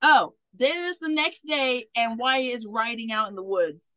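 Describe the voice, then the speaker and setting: A woman hosting a podcast, recapping a movie in a casual, animated and profane way. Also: on the high side, unhurried, no echo. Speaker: podcast host.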